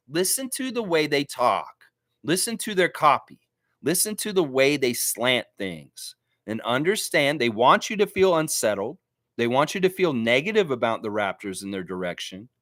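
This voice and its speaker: Man, livestream host, heated animated rant, bright tense tone, dry close sound. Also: mid-range voice, dry recording. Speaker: sports fan show host.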